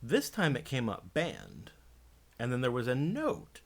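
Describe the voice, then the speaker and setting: Male podcast co-host, middle pitch, casual, profane storyteller. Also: measured pace, vocal fry. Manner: animated storytelling, profane, mimics others. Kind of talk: casual chat.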